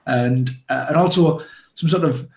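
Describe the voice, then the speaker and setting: A man's voice: fairly high pitch, measured pace, darkish tone. A man, chatting cheerfully as co-host with many hesitant fillers. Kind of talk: casual livestream chat. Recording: echoey room.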